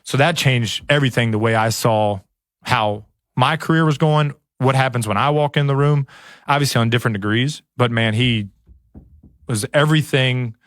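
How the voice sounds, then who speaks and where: A man's voice: mid-range voice, moderate pace, no echo. Guest storyteller, man, 30s, loose and conversational, dry close mic. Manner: relaxed, animated storyteller with many "like" and "you know". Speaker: podcast guest, former football player.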